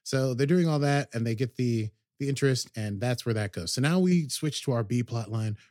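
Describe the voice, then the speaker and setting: A man of middle pitch talks casually through a story recap, wandering off track and circling back with plenty of ums and half-finished phrases. His voice sits close and dry, with no room sound around it. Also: animated, moderate pace, darkish tone, no echo. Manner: rambling, hesitant, many ums and restarts. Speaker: podcast host.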